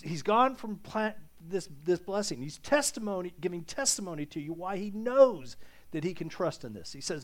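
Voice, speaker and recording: A man's voice: sits high, very animated, normal speed, a bit bright. A man preaching a sermon in a conversational way, stumbling and repeating words as he thinks aloud, then reading scripture with rising intensity. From Irish ancestry. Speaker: pastor.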